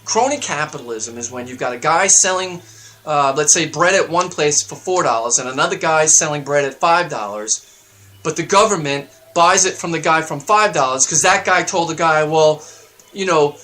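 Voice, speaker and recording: A man delivering a heated, profane talk-radio rant, getting louder and higher as he stresses his points. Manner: heated, profane, emphatic ranting that climbs in pitch and volume. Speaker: radio show segment contributor. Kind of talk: ranting talk-radio monologue. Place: radio studio.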